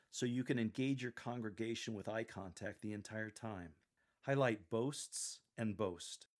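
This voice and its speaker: A man calmly coaching church readers on how to deliver a scripture reading, in a measured, explanatory way. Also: mid-range voice. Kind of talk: instructional coaching on reading aloud.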